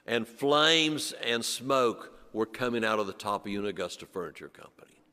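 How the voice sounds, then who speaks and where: An older man from western North Carolina, telling a story to an audience in rhythmic repetitions that sink low and soft on the refrains. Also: expressive, moderate pace, clear, resonant tone. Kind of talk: storytelling performance. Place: church sanctuary before an audience. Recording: long church reverb.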